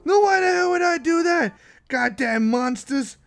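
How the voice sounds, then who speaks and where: A man voicing a brash, cowardly male knight with a Boston accent who swears and shouts. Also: very high voice, animated, unhurried, creaky, voice pushed up, exaggerated voice. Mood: indignant.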